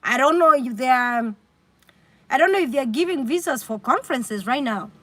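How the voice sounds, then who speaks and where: A woman with a Kenyan accent hosting a casual livestream, chatty and animated, reading out comments and mixing in Swahili. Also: high-pitched, normal speed, dry recording. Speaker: livestream host.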